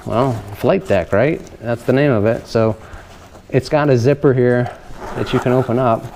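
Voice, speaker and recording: Casual man showing off his gear. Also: mid-range voice. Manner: relaxed, chatty, frequent fillers. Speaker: paramotor reviewer. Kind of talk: casual on-camera gear walkthrough. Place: garage, indoors.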